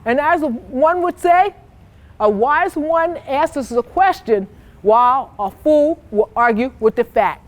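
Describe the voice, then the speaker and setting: A woman's voice: sits high, animated, takes it slowly. A woman giving an inspirational speech to students, storytelling with emphatic, repetitive phrasing and acting out voices in quoted dialogue. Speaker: motivational speaker. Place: office headquarters in Boston.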